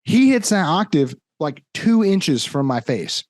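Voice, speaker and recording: A young man co-hosts a podcast, spinning a long story in casual chat and acting out what people said. His voice is fairly high and unhurried, his storytelling animated, and the recording is dry.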